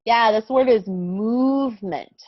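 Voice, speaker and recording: A young woman teaching English words to small children in a slow, patient, sing-song way, often checking with "okay?". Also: a little high, dry recording. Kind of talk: online vocabulary lesson for young children. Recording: dull lo-fi sound.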